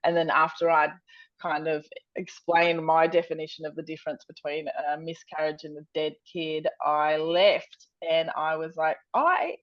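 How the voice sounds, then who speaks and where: A woman's voice: normal speed, dry recording. A woman, a stand-up comedian telling a story on a podcast, acting out quotes and swearing freely. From Australia. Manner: animated, acts out quotes with big pitch jumps, swears freely. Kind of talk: storytelling, casual chat. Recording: dull lo-fi sound.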